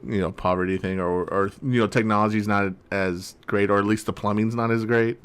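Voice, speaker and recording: A man co-hosting a podcast in casual chat, talking in a halting, hesitant way full of fillers. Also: lowish voice, fairly even intonation, clear, resonant tone. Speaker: podcast co-host.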